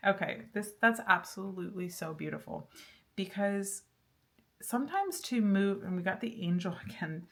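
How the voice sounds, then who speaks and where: Chatty woman with a gravelly voice. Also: medium pitch, animated, moderate pace, a bit bright. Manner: chatty, laughs often, many fillers and restarts. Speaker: tarot reader. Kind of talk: casual pick-a-card tarot reading.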